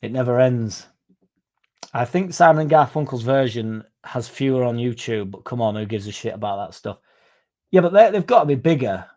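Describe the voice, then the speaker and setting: A man's voice: mid-range voice, lively intonation, normal speed, darkish tone. A young man with a Yorkshire accent hosting a casual livestream podcast, rambling and swearing freely as he reads out chat messages. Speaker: podcast host.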